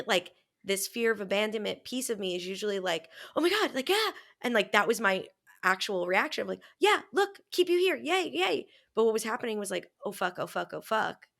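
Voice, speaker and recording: Young woman podcast co-host, gravelly voice, candid storyteller, swears casually. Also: medium pitch, a bit bright. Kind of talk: casual chat.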